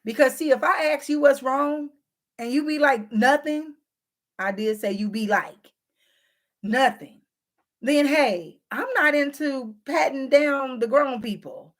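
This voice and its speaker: A relationship advice vlogger speaks directly to her viewers in a casual, frank and teasing way, acting out both sides of everyday arguments. Her voice sits high and moves a little slowly.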